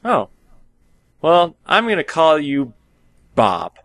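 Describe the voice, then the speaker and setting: Male tabletop player, curious, friendly, very expressive pitch, dry sound. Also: takes it slowly, dry recording. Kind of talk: in-character tabletop role-play.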